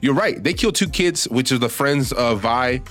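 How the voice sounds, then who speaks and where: A man co-hosting a podcast in casual chat, excitable and swearing a lot. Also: medium pitch, normal speed. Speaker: podcast co-host.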